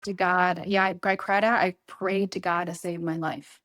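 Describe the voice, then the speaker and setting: Earnest middle-aged woman, fairly low voice. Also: flat delivery, moderate pace, fairly bright tone. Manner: earnest, repeats herself, quotes her own thoughts. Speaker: guest. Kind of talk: emotional interview conversation.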